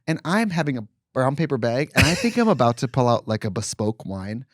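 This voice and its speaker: A man's voice: medium pitch, no echo, studio quality. A man co-hosting a podcast, telling a long story in casual chat and briefly putting on voices for the people in it. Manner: animated storyteller, quick voices for quoted people, camp asides. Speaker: podcast co-host.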